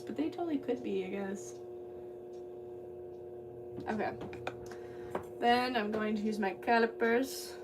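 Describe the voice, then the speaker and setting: A woman's voice: a little high, a little slow, pauses often. A woman ceramic artist chatting casually with her livestream viewers while she works in her studio, scattered and talkative. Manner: chatty, scattered, talks to chat while working. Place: pottery studio. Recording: distant mic with clear background noise.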